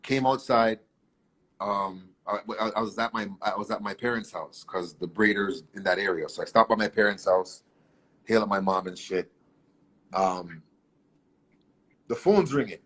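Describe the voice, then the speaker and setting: A man telling his life story as an interview guest, in animated, profane street slang. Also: on the low side, normal speed, long pauses. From Canada. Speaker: guest artist.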